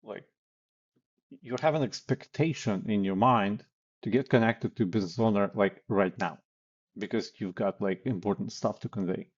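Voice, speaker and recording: A man's voice: on the low side, moderate pace, slightly rough, highs cut off. A man coaching on sales calls in a blunt, casual way, with many fillers and acted example lines. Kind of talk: casual instructional talk.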